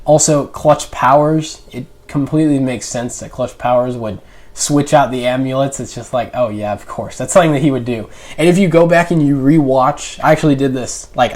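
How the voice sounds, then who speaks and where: A man's voice: medium pitch, darkish tone. A young man talking through a casual spoken review, rambling with lots of fillers and restarts. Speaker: YouTube reviewer.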